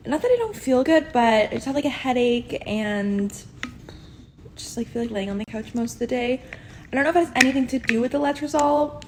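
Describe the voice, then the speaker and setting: A woman's voice: fairly high pitch, lively intonation, a little fast, darkish tone, slight background noise. A young woman chatting candidly in a personal video diary with lots of fillers, filming herself on a phone in her car. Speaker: vlogger. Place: inside a car.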